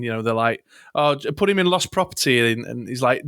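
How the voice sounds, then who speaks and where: A man's voice: medium pitch, animated, a little fast, a bit bright, clear, resonant tone, no room sound, studio quality. A man co-hosting a casual podcast, wryly reading out his notes on a film. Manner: wry, reads from notes, chuckly. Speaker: podcast co-host. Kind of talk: casual chat.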